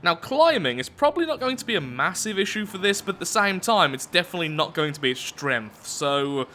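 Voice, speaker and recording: A man talks through his game build as a casual let's play host, thinking aloud and poking fun at himself. His voice sits a little high and bright, and his pitch bounces around a lot. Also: big pitch swings, fairly quick, a little hiss or hum. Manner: self-mocking, chatty, thinking aloud. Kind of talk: casual gameplay commentary.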